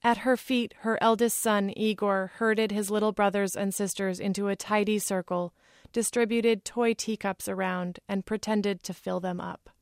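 A woman author reading aloud from her novel in a measured literary manner, close to the mic. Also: medium pitch, flat delivery, no echo.

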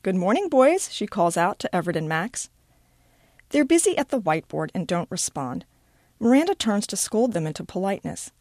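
A woman reading a short story aloud with expressive, animated storytelling. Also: fairly low pitch, brisk, no echo, studio quality. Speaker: reader.

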